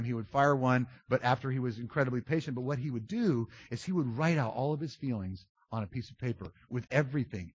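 A man preaching a sermon, animated and self-described loud, swinging from big outbursts to low confiding tones. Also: husky, highs cut off. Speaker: pastor.

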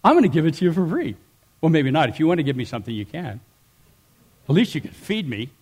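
A middle-aged man preaching a sermon, animated, swinging between loud emphatic rises and quiet asides. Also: on the high side, quick pace, breathy edge. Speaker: pastor.

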